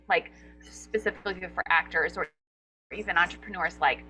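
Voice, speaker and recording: A woman being interviewed as a guest coach for actors, talking in an animated, expressive way and acting out her inner voices. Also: medium pitch, brisk, music in the background, rough recording. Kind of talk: summit interview conversation.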